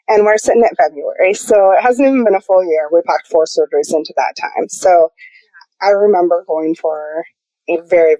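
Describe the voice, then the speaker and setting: A young adult woman, a podcast guest, telling her personal story in a candid, animated way and acting out the quotes. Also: lowish voice, no room sound, poor audio.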